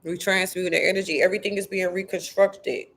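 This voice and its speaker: A woman's voice: fairly low pitch, flat delivery, brisk, a bit bright. A woman talking casually to her viewers about spirituality, blunt and profane, full of slang and repeating herself for emphasis. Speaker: spiritual content creator. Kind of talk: casual livestream talk to viewers.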